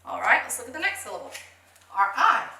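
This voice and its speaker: A woman's voice: a little high, very animated, brisk, vocal fry, sharp tone, roomy sound, recorded from a distance. A woman teaching a phonics lesson to young children, encouraging them, asking questions and answering them herself.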